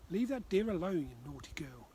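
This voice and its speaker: A man's voice: fairly high pitch, normal speed, a little hiss or hum, lightly acted. A man voicing a playful young girl who fondly scolds her dog. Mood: scolding.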